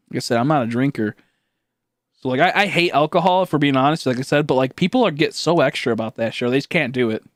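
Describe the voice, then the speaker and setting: A man's voice: mid-range voice, a little fast, pauses often, no echo, clean studio sound. A young man streaming live, chatting casually and rambling with lots of swearing, fillers and restarts while he thanks viewers.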